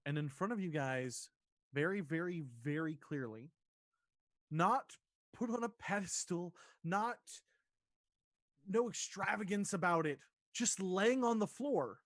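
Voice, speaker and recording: A man narrating as dungeon master in a tabletop game, describing scenes haltingly with many fillers. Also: high-pitched, lively intonation, a bit bright, dry recording, studio quality.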